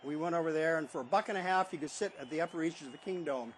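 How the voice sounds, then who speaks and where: Older guy spinning a folksy yarn, kinda high-pitched, rambles along. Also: very fast, a little hiss or hum. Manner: folksy, rambling storyteller who acts out others' lines. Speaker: storyteller. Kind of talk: casual spoken anecdote.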